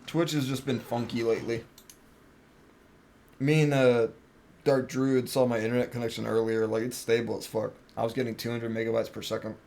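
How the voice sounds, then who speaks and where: A man's voice: medium pitch, level tone, fairly quick, a little mellow, slight background noise. A young man streaming a game, chatting casually, joking around and swearing freely. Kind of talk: casual gaming stream chat.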